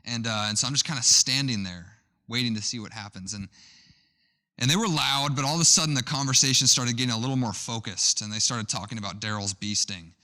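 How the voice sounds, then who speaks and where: A man's voice: mid-range voice, brisk, pushed and bright. A young man preaching a sermon, telling a personal story in a conversational way with frequent restarts. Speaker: pastor.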